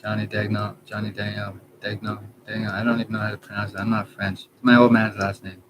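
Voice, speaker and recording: A man in his thirties from Canada, talking in a halting, rambling personal monologue, trailing off and correcting himself. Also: fairly low pitch, little pitch movement. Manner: halting, trails off, many restarts and self-corrections. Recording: background noise.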